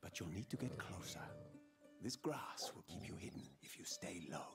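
An actor playing a gentle, protective father who coaches a hunt in hushed tones, in game dialogue. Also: low-pitched, expressive, normal speed. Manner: hushed coaching, often whispering. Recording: distant voice with loud music.

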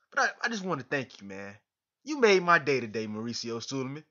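A man's voice: mid-range voice, sing-song, quick pace, bright, forceful tone. A man talking straight to camera in a vlog, effusive and emotional, repeating himself and dropping "man" at the ends of sentences. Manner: effusive, repetitive, keeps saying "man"; emotional, grateful. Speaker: boxing fan vlogger. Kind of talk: direct-to-camera vlog address. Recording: dull lo-fi recording.

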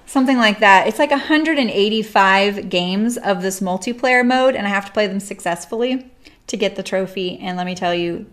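A woman's voice: mid-range voice, a bit bright. Chatty, laughing woman sewing streamer. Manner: chatty and rambling, laughs often. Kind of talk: casual chat while sewing on a live stream.

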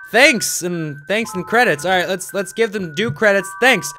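A young man commentating his play of a horror game, jumpy and yelling whenever he is startled. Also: sits high, lively intonation, moderate pace, hardly any pauses, faint music behind. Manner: jumpy, shouting and screaming when startled. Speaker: gamer.

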